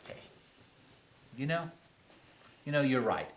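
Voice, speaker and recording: A man's voice: medium pitch, very animated, slow pace, roomy sound, slight background noise. A young man playing a smug, tactless quack doctor in a comedy short, glib and mocking. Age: young adult. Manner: glib, mocking, puts on a fake French accent in jokes. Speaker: actor in a student comedy film.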